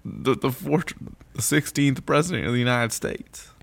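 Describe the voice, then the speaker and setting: A man's voice: mid-range voice, moderate pace, gravelly, no room sound, natural voice. A man playing a formal, upbeat male game show host who delivers announcer-style introductions. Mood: puzzled.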